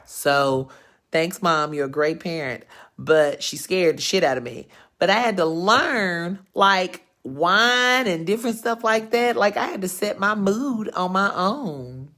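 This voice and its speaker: A woman's voice: lowish voice, a little slow. A woman in her thirties hosting her own live vlog, telling personal stories to viewers in a frank, profane, rambling way. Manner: frank and profane, rambling with lively swings in emphasis. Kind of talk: casual storytelling to viewers.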